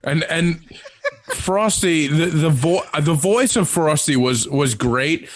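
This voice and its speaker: A man on a comedy podcast, telling stories in animated casual chat and laughing often. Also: a little high, slow pace, no echo. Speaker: podcast co-host.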